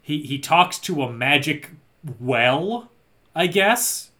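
Bright-voiced man recapping a movie. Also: fairly high pitch, expressive, slow. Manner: rambling, dry and joking. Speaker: podcast co-host. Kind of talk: casual movie recap chat.

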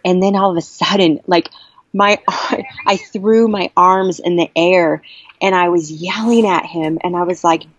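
A woman's voice: fairly low pitch, fairly even intonation, unhurried, dry recording, lo-fi sound. A woman around forty at a camp, telling a personal story in an earnest, heartfelt way that halts and restarts often. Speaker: interviewee sharing a personal story.

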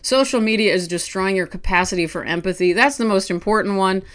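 A woman artist talking to camera at home, ranting with quick restarts and asides. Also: mid-range voice, fairly bright tone. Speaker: artist vlogger. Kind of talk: casual talk to camera.

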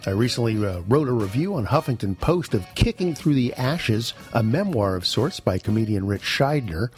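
A man's voice: medium pitch, lively intonation, moderate pace, darkish tone, faint music behind. A man hosting a comedy podcast, talking in a folksy, chatty and self-mocking way. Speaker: podcast host. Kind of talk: casual podcast talk.

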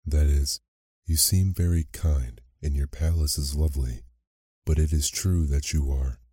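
A man's voice: very deep voice, fairly even intonation, measured pace, warm tone, husky, no room sound, clean studio sound, heavily acted. A man voicing a frightened but brave young woman who speaks hesitantly and stammers. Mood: stammering.

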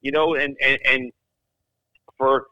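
A man's voice: mid-range voice, level tone, slow pace, bright, forceful tone, no room sound, muffled recording. A man co-hosting a podcast, chatting and talking emphatically. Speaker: podcast co-host. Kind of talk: casual chat.

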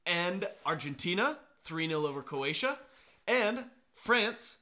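A man's voice: sits high, very animated, slow pace, pushed and bright. A young man co-hosting a sports podcast, chatting enthusiastically and laughing often. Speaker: podcast co-host. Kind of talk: casual sports chat.

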